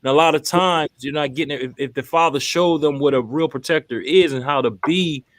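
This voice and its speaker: A man co-hosting a casual talk show, offering relaxed advice and greeting viewers by name as he reads their comments. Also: fairly high pitch, fairly quick, no room sound. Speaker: co-host reading viewer comments.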